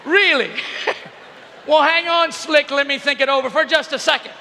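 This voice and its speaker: A middle-aged man tells funny stories to teenagers in a huge arena, and his voice sits very high with a gravelly edge. He gets animated and shouts often. A long arena echo trails every line. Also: moderate pace, some chatter behind, slight background noise. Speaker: youth speaker. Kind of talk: comedic motivational talk to teens. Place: large arena.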